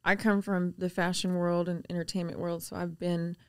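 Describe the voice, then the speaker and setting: Woman, podcast co-host, frank casual chat, lowish smooth voice. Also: little pitch movement, moderate pace, a little mellow, no echo, clean studio sound. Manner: frank, conversational, asks direct questions.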